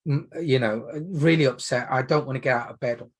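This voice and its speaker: A man playing a low, tearful young male patient in a role-play demonstration, speaking quietly and trailing off. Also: fairly quick, husky, lightly acted. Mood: downcast.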